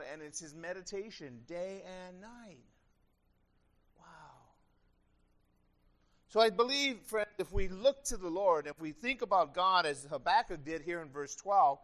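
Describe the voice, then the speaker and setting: A man's voice: high voice, a bit bright. A man preaching a sermon as pastor, earnest and conversational, with a slightly strained throat.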